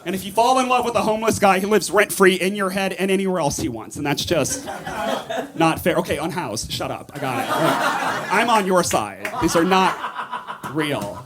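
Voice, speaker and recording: On stage at a comedy club, a man delivers an animated stand-up set, yelling his punchlines in a high voice at a fairly quick clip. Audience noise comes through the live stage-mic recording.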